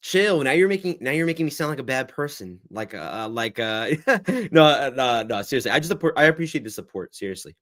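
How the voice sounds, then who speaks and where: A young man hosting a casual livestream Q&A, rambling and reacting to the chat in a lively, chatty way. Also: mid-range voice, fairly quick. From United States. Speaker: livestream host.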